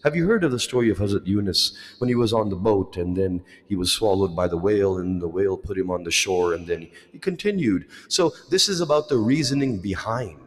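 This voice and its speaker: A man giving a religious lecture, telling stories and voicing the quoted lines in a higher pitch. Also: lively intonation, brisk, hardly any pauses. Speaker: majlis lecturer. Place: religious centre hall. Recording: long hall reverb.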